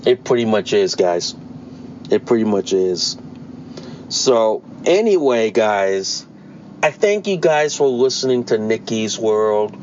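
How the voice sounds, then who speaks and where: A man's voice: fairly low pitch, sing-song, slow pace, a little mellow, lo-fi sound, a little hiss or hum. A man in his forties hosting a solo podcast, ranting bluntly and repeating himself emphatically, with occasional swearing. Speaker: podcast host. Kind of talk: solo opinion monologue.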